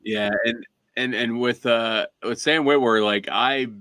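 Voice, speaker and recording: A man hosting a podcast, telling stories in a relaxed, chatty way with plenty of fillers. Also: mid-range voice, unhurried, no echo. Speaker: podcast host. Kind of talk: casual interview chat.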